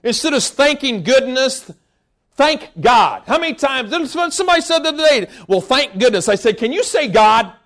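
Male preacher, very high voice, emphatic, scolding sermon, bursts into shouts. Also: animated, moderate pace.

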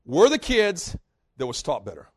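This sermon comes from a male preacher who shares homespun personal anecdotes, animated throughout and breaking into laughter now and then. The pitch is fairly high, the pace moderate.

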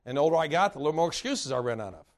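A male preacher giving a sermon in a church, telling folksy personal stories with animated delivery and bursts of laughter. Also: on the high side, very fast.

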